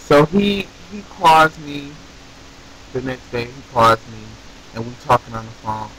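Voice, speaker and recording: A young man tells a story to his viewers in a casual, animated way. He talks at a mid pitch, swears freely and rants with rhetorical questions. Faint hiss sits under his voice. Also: unhurried, rough recording. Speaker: vlogger.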